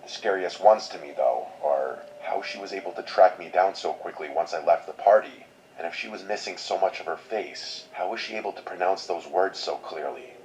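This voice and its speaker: A man reading a scripted horror story in a measured, somber way. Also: low-pitched, a little mellow. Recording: dull lo-fi sound, faint noise.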